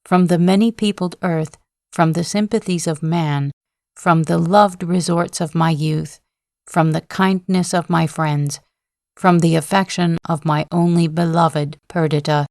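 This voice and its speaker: A woman's voice: sits low, no echo, studio quality. A woman reading the lines of a proud, vehement male general in a sleep-story audiobook, with declamatory, impassioned delivery. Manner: declamatory, impassioned oratory at a slow, even reading pace.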